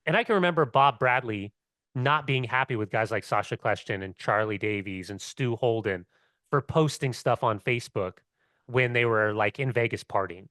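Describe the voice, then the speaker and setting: A middle-aged former player co-hosts a soccer podcast, spinning long, rambling stories full of "like" and swearing in casual sports chat. His voice is medium-pitched and fairly bright, at a moderate pace, with clean studio sound and no room echo.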